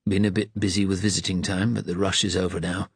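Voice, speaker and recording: A man doing an elderly porter leaning on his window ledge, gossiping with gloomy relish about past patients, his low, husky voice falling into easy, confiding chatter. The sound is close and dry. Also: level tone, quick pace, no echo. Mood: gossipy. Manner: chatty, relishes grim stories.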